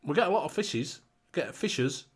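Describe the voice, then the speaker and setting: A man's voice: fairly high pitch, expressive, moderate pace. A man hosting a casual live chat show, reading out viewer comments, laughing often and swearing casually.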